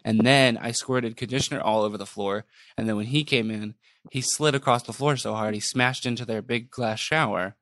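A man co-hosting an improvised comedy podcast, telling absurd stories in a deadpan way. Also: normal speed, dry recording. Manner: deadpan storytelling, bursts into high sung verses.

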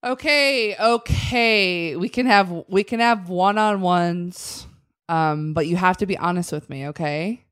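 A woman's voice: on the low side, a little slow, clear, resonant tone, no echo, studio quality. A woman playing a blunt, bossy HR lady. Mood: stern. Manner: stern, deadpan insults, frequent laughing. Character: blunt bossy female HR representative. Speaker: guest player. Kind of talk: comedic tabletop improv.

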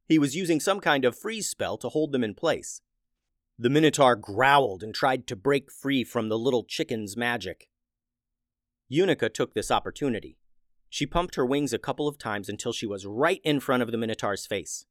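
A man narrating a children's adventure story in a steady, plain way. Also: medium pitch, normal speed, dry recording, clean studio sound.

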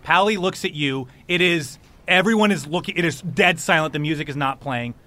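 A man's voice: on the high side, a little fast, pushed and bright, dry recording. A man narrating as game master of a tabletop game, describing scenes vividly.

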